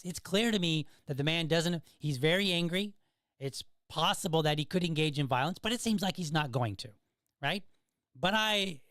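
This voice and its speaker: Podcast host, middle-aged man, fairly high voice, dry close recording, conversational and storytelling. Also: a bit bright, dry recording. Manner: conversational storytelling with frequent "okay?" and "right?" checks. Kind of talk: casual commentary monologue.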